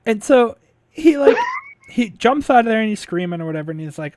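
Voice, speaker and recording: A man's voice: high-pitched, expressive, brisk, darkish tone. A man casually recapping a movie plot as a podcast host, rambling with lots of fillers, swearing and laughing as he goes.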